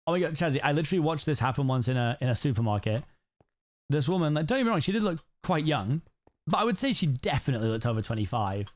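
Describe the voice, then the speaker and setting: A man's voice: on the high side, lively intonation, quick pace. A British man streaming, chatting casually while he plays and telling rambling stories from his life. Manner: rambling storyteller, peppers talk with "like" and "right?". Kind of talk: casual chat while playing a game.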